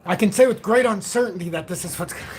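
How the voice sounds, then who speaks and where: Hosting a crypto livestream, a fortysomething man talks fast in a high voice, rambling casually and cracking self-mocking jokes. There's a slight hiss or hum on the recording.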